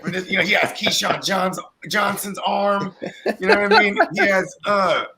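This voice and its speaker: A man's voice: sits high, fairly even intonation, a little slow, very noisy. A man co-hosting a fantasy football podcast, joking and laughing often in casual chat. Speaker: podcast co-host.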